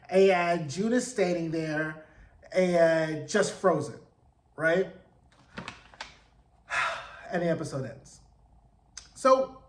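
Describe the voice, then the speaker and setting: A man giving a casual, profane TV episode recap, animated and acting out the characters in quick quoted voices. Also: sits high, echoey room. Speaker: TV recap host.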